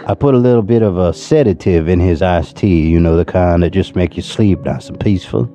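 A man voicing a menacing rural Southern man who slowly confesses a killing, in a put-on Southern US accent. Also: sits low, mellow, faint music behind, lightly acted. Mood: sinister musing. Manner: slow drawl, musing and sinister.

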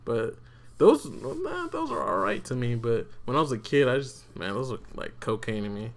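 A man's voice: medium pitch, sing-song, normal speed. A man casually commenting between clips of a video he is reacting to, rambling with lots of fillers.

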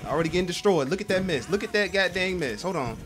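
A young man streaming a game, rambling and swearing as he plays, with loud, animated reactions. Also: high-pitched, fast, over music. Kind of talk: excitable gameplay commentary.

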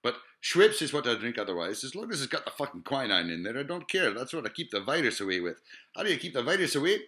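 Rambling, swearing man, forceful voice. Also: medium pitch, very animated, fast. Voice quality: profane, rambling, lots of filler sounds. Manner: digressive, musing, asks rhetorical questions. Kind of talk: rambling monologue to camera.

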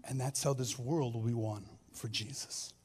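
A man preaching a sermon as pastor, telling stories with repeated phrases and swinging between loud and soft delivery. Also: mid-range voice, fairly even intonation, moderate pace, slightly rough. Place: church sanctuary.

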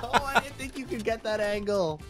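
A young man in a gaming session, shouting in panic and laughing apologetically. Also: high-pitched, brisk. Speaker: gaming co-host. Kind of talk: excited gaming banter. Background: loud background music.

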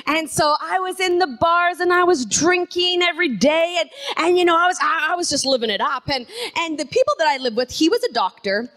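A woman preaching an energetic sermon, calling on the congregation to repeat phrases after her. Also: extremely high pitch, a little fast, few pauses. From Canada. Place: church sanctuary.

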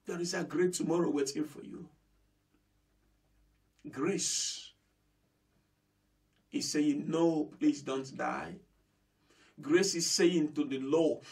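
A man's voice: a little high, slow, long pauses, darkish tone, recorded from a distance. A man preaching a sermon as pastor. He is fervent, repeats phrases for emphasis and speaks straight to his listeners. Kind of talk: impassioned sermon.

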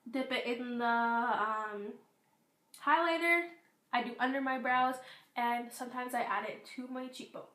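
A teenage girl chatting through a beauty product review, rambling with fillers, her voice going hoarse. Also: on the high side, fairly bright tone, roomy sound. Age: teens. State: losing her voice. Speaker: beauty vlogger. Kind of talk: casual product review vlog.

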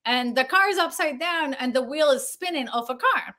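Podcast guest, woman, Foley artist; pitched a touch high, tells stories with acted-out voices and laughs. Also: normal speed. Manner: animated, acts out quoted dialogue, laughs often. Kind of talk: casual storytelling.

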